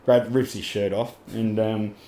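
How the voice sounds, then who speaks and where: A man's voice: on the low side, little pitch movement, unhurried, dark tone. A man with an Australian accent, a podcast guest telling a story casually, laughing often and swearing in Aussie slang. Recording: echoey room with faint ambient noise.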